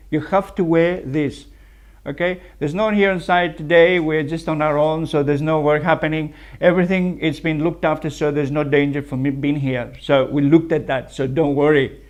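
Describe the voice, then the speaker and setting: On a building site, a man whose voice is notably high yet a little mellow talks casually in reaction to clips. Rambling like a licensed builder handing out tips, he laughs at his own jokes again and again.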